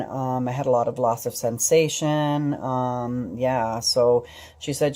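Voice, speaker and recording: A woman's voice: a bass voice, steady tone, unhurried, warm tone. A middle-aged woman vlogging, telling a personal story in a rambling way, full of fillers and restarts. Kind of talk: casual storytelling vlog.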